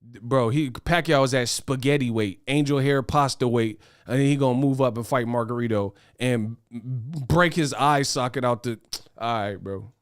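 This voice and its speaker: A young man hosting a boxing commentary livestream, talking fast in slang, excitable and laughing as he reads viewer chat. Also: medium pitch, clean tone, no echo, studio quality. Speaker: boxing commentary show host.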